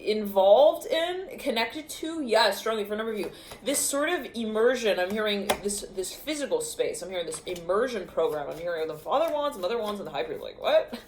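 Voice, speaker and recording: A woman reads tarot aloud, in fragments, stopping short and laughing often. Her voice sits in an ordinary middle pitch. The room gives back a clear echo with a faint hum of ambience. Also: lively intonation, brisk. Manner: rambling, laughs often, talks in fragments while channeling. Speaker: tarot reader. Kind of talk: intuitive tarot reading to camera.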